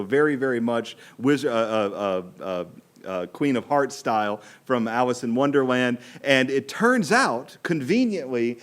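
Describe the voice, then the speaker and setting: A middle-aged priest retelling a Bible story on a podcast with wry, animated delivery. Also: male voice, medium pitch.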